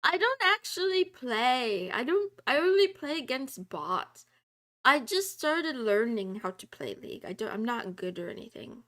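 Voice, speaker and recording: A high-voiced woman on a casual livestream, talking slowly and chatting with her viewers. She giggles a lot, puts herself down playfully and slips in little meows between her answers. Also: sing-song, fairly bright tone. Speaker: streamer. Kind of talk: casual livestream chat, reading chat aloud.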